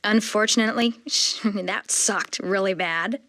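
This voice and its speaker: A woman's voice: mid-range voice, sing-song, measured pace, fairly bright tone. A woman voice actor recording game dialogue, cursing and laughing at herself when she flubs. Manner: self-mocking, laughing at her mistakes.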